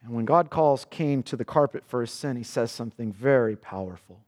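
A man preaching a sermon in earnest. His pitch rises for questions and drops low and slow for solemn passages. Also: a little mellow. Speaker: pastor. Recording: long reverb of a church hall.

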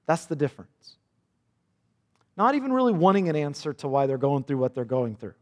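A man's voice: fairly high pitch, sing-song, fairly quick. A man preaching a sermon, earnest and intense, repeating words as he builds each point. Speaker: pastor. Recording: long hall reverb.

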